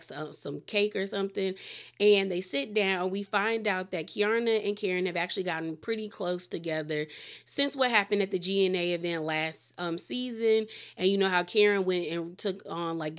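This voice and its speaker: A woman from the Washington DC area talks through a reality TV episode in a casual, opinionated way. Her pitch sits in a middle range for a woman, then jumps higher whenever she gets excited. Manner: chatty and opinionated, pitch jumping up when excited. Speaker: reality TV recap host. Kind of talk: casual recap commentary.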